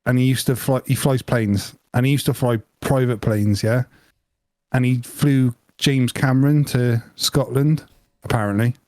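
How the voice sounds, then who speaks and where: A man's voice: mid-range voice, fairly even intonation, unhurried, darkish tone, dry recording, studio quality. A man co-hosting a casual podcast, chatty and full of tag questions. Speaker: podcast co-host. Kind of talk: casual banter.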